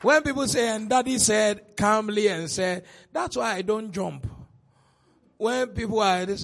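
High gravelly Ghanaian preacher, man. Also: unhurried. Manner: swings between soft asides and shouted exclamations, laughs often. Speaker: pastor. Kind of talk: preaching a sermon.

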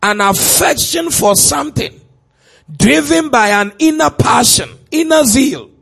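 Husky, gravelly-voiced man preaching a sermon. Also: extremely high pitch, lively intonation, faint music behind. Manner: emphatic, drawn-out shouted lines; asks the congregation questions.

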